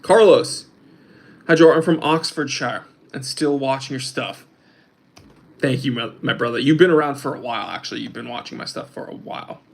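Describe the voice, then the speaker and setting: A young man chats casually as host of a livestream. His voice sits at a middling pitch, and he rambles with plenty of fillers and restarts as he reads out chat messages. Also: normal speed, creaky. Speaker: host of a watch channel, reading live chat.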